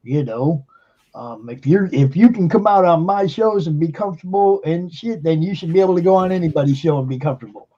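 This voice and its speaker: A man's voice: a little high, a little fast, warm tone, muffled recording. A man hosting a live stream, talking casually and emphatically with lots of fillers and swearing. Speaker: streamer and show host. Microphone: computer mic on a live stream.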